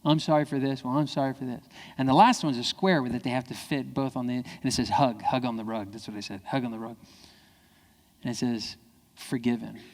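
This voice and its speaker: A man giving an animated, playful keynote talk, acting out family dialogue in other voices. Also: fairly quick. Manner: playful, jumps into high voices when quoting kids. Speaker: keynote speaker. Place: civic center hall. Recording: long reverb of a large hall.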